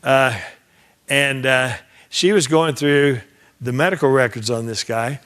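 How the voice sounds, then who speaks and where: Lecturing a class the way a trial lawyer trades war stories, this older man speaks unhurriedly in a middle-pitched, fairly bright voice. His anecdotal talk is loose and chatty, acting out the voices of people in his cases, with frequent restarts and repeated words.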